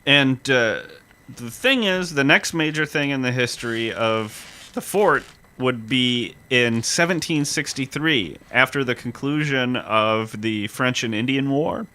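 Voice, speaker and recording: A man's voice: medium pitch, unhurried, sharp tone, clean tone. A man co-hosting a casual history podcast, explaining events step by step in a storytelling way. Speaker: podcast co-host.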